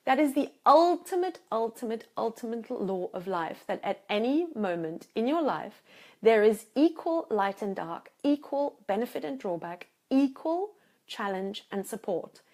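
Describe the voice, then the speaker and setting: A woman's voice: a little high, sing-song, unhurried, a little mellow. Emphatic woman coaching to camera. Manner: emphatic, repeats words for stress; acts out anxious inner voices. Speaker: life coach. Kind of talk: motivational talk to camera. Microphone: self-filmed camera.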